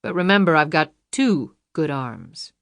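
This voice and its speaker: A woman's voice: low voice, expressive, unhurried, gravelly, no room sound, full character voice. A woman reading an audiobook, voicing a young mother who is tense, defiant and pleading.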